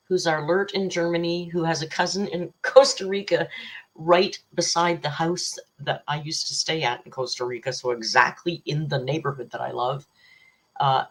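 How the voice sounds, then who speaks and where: A woman's voice: deep voice, a bit bright. A woman hosting a casual livestream. She reads out viewers' super chats and rambles chattily, teasing and laughing often. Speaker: livestream host. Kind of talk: casual live chat reading super chats.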